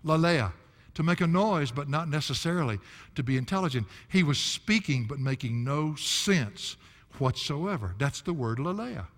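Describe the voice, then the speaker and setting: A man's voice: on the high side, lively intonation, moderate pace, fairly bright tone, in a large hall. An older man preaching an expository sermon, folksy and emphatic, with chuckling asides. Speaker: pastor.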